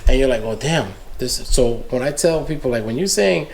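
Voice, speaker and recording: A man's voice: medium pitch, fairly quick, creaky. A man from the United States, a podcast guest in casual chat, telling stories animatedly and acting out the voices of the people he quotes. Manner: animated storyteller who acts out quoted voices.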